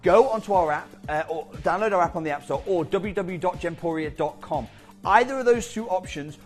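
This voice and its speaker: A man presenting live on a shopping channel, talking viewers through a sale with an urgent, chatty sales pitch. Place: TV studio.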